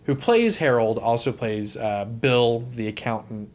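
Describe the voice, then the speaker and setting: Speaking at a measured pace with a mid-range voice, a young co-host of a casual film podcast wanders from point to point. Profanity comes easily to him, and so does laughter.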